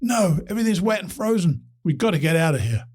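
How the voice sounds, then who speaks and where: A man voicing an anxious young male hiker who shouts to be heard over a breaking phone line. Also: high-pitched, expressive, fast, slightly rough, voice pushed up. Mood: anxious shouting.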